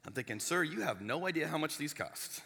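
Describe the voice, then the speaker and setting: A man, the lead pastor, telling a story in a chatty, animated sermon in a church sanctuary. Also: a little high, brisk, creaky, husky. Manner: animated, chatty, with frequent restarts and asides. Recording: long reverb of a large hall.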